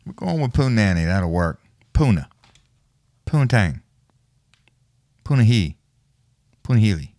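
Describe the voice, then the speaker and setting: A man with a lowish voice hosting a live fight stream, rambling through stories in a loose, profane, laid-back way. He chuckles at his own tangents, and his voice comes across dry and close, with no room sound. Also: very animated, unhurried, long pauses, dark tone, no room sound. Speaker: livestream host. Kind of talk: casual profane storytelling chat.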